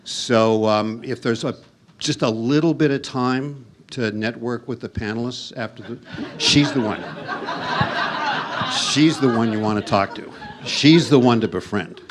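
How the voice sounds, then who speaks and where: A man's voice: mid-range voice, measured pace, background noise. A man moderating a panel at a university forum in front of an audience, introducing speakers in a loose, teasing, chatty way. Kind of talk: joking conversational panel introduction. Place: university event room with audience.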